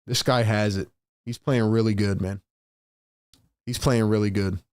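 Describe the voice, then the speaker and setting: A man hosting a live play-by-play reaction stream. He swings between hyped shouting and frustrated muttering and repeats lines for emphasis. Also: fairly low pitch, fairly even intonation, measured pace, clear, resonant tone, dry recording. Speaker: sports stream host.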